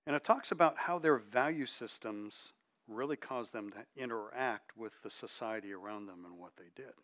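A middle-aged man preaching a conversational sermon, chatty and checking in with his listeners, dropping his voice softly for emphasis. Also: medium pitch, normal speed.

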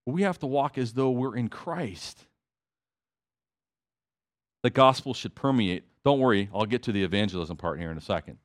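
Animated male preacher. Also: medium pitch, moderate pace. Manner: conversational preaching, emphatic repetitions, asides to congregation. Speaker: pastor. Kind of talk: sermon.

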